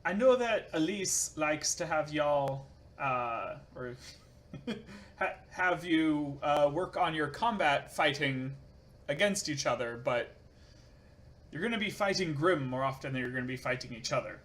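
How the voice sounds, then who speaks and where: A man voicing a gruff adult male teacher who hunts monsters, talking offhand and practical, close to his own voice. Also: fairly high pitch, lively intonation, unhurried, fairly bright tone. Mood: matter-of-fact. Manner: offhand, practical instructor talk.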